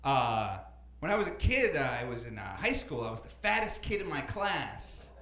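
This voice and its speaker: A young man doing a stand-up comedy set on a club stage, rambling with deadpan asides and hesitant fillers. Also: medium pitch, normal speed, slight background noise. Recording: roomy club with live crowd.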